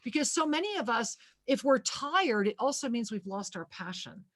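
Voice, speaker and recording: Radio host, female, fairly high voice, emphatic spiritual chat, repeats her points. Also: big pitch swings, normal speed, a bit bright. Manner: emphatic, repeats phrases, laughs often.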